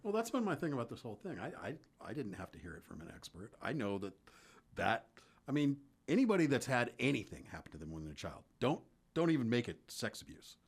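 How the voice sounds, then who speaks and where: A man's voice: medium pitch, huge pitch swings, fast talker, slightly rough. A man in casual podcast conversation, asking questions and reflecting on the case.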